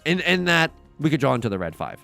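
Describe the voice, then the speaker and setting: A man's voice: mid-range voice, sing-song, quick pace, gravelly, bright, forceful tone, soft background music. A young man streaming a tile game live, talking through each move and joking with his chat. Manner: playful, jokey, talks to chat.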